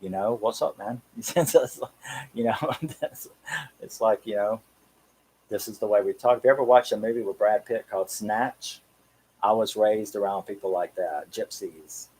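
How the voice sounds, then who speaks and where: Cockney man, 30s, livestream host: lowish husky voice, rambling and chatty. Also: unhurried, darkish tone, poor audio. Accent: Cockney English. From England. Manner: rambling, chatty, chuckles often. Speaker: horror channel host. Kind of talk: casual live-stream chat.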